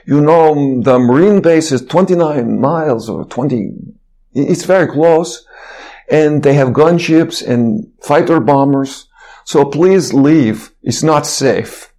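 A man's voice: a little high, takes it slowly, warm tone, voice pushed up. A man putting on a Russian accent to voice a former Russian military man who speaks earnestly in broken English. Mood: urgent.

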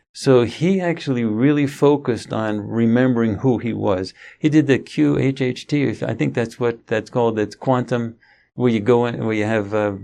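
A man's voice: mid-range voice, a little mellow. Rambling middle-aged man telling a story. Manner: rambling, with frequent restarts. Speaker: interview guest. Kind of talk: conversational storytelling.

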